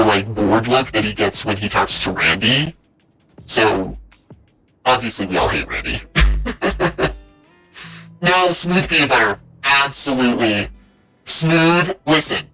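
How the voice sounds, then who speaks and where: A woman's voice: sits low, sharp tone. A woman streaming a game, chatting casually with viewers and reading game dialogue aloud in playful voices. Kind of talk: casual gameplay commentary. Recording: faint game music behind.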